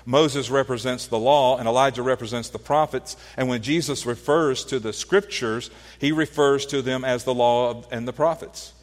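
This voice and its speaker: A man's voice: medium pitch, fairly even intonation, normal speed, hardly any pauses, in a large hall. A man preaching a sermon, teaching earnestly with rhetorical questions and frequent restarts. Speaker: pastor.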